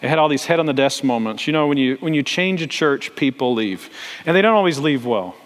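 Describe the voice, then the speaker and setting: A man's voice: medium pitch, lively intonation, brisk. Middle-aged pastor guy telling stories in a sermon, does little voices for people, big hall with long echo. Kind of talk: sermon storytelling. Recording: long reverb in a large hall.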